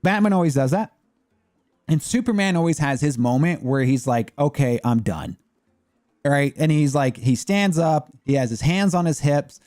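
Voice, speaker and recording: A man's voice: on the high side, darkish tone, no room sound. Guy streamer rambling his opinions, voice bouncing up and down, dry close sound. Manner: rambling, opinionated, lots of fillers. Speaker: gaming streamer. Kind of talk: casual chat.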